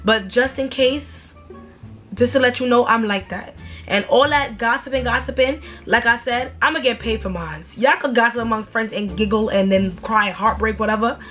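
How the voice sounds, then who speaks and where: Young woman vlogger, fairly high voice, blunt slangy storytelling, animated outbursts, faint music underneath. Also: normal speed. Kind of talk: casual storytime rant.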